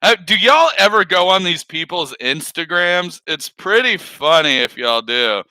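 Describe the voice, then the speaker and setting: High-pitched guy rambling on a stream, cussing and laughing a lot, super bright voice. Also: very animated, a little slow, no room sound, poor audio. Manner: profane, laughs often, rambling. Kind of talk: casual live-stream commentary.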